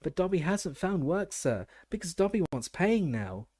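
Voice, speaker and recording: Guy putting on a high squeaky house elf, all eager and chirpy, bone-dry audiobook sound. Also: very animated, normal speed, darkish tone, no echo. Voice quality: squeaky, shrill. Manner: speaks of himself in third person, keeps saying sir.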